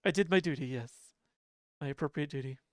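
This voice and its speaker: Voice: mid-range voice, a little fast, no echo, clean studio sound. A livestreamer chatting casually with viewers from home, laughing often and poking fun at themselves. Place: home apartment.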